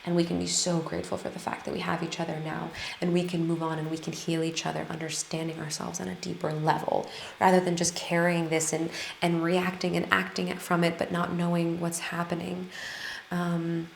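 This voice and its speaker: A woman's voice: on the low side, completely flat delivery, a little fast, vocal fry, roomy sound, a little hiss or hum. A woman who works as an energy healer, telling a healing story to camera in an earnest, casual way, with frequent restarts. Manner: earnest, trailing restarts and fillers.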